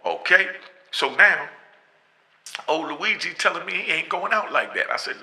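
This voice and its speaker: A middle-aged man telling a story in a casual, animated way, often checking in with the listener. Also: on the high side, a little slow, long pauses, low-quality recording. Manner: animated, often asks "you know what I mean", laughs between lines.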